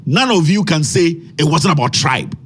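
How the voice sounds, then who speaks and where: Angry husky Ghanaian man ranting. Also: a little high, lively intonation, normal speed, fairly bright tone. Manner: angry, ranting, rhetorical questions. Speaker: commentary host. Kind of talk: impassioned social media commentary.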